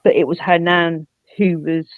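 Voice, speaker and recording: A woman's voice: fairly low pitch, little pitch movement, normal speed, no echo. An English woman speaking as a medium and guest in a casual chat, patiently explaining her ideas in an earnest way. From England. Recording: dull lo-fi line, dry.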